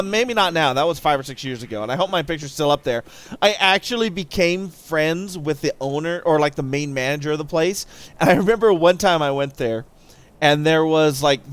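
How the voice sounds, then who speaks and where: A young male streamer with a slightly high voice talks in a relaxed, rambling way. He breaks off his stories to thank viewers and then picks them up again, all in easy live-stream chat over a desk microphone. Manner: rambling storyteller who thanks viewers mid-story. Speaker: game streamer.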